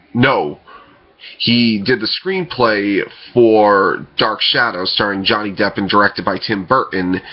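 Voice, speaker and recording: Man, casual news chat, lowish voice, lots of fillers and self-corrections. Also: dull audio. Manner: rambling, hesitant, many fillers and self-corrections. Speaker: podcast host.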